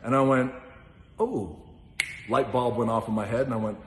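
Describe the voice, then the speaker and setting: A man telling a casual, animated anecdote, now and then breaking into song and laughing as he goes. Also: medium pitch, fast, slight background noise. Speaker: storyteller answering questions. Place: large gym. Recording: roomy echoey hall.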